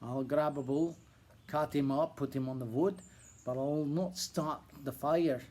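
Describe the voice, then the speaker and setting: A man's voice: steady tone, unhurried. A man voicing the prophet Elijah in a put-on Irish accent, bold and taunting. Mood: calm. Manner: taunting, loud and high when mocking.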